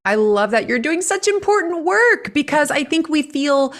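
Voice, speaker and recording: A middle-aged woman hosting a podcast, chatty and animated in conversation with her guest. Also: high-pitched, moderate pace. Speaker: podcast host. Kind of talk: casual podcast interview.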